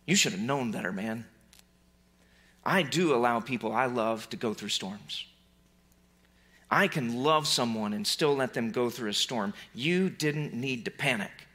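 A man acting out Jesus calmly and firmly rebuking his disciples. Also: unhurried. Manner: low, steady, matter-of-fact.

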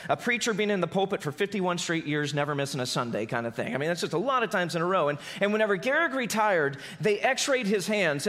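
A man preaching a sermon as pastor, swinging from loud emphasis to soft, low delivery.

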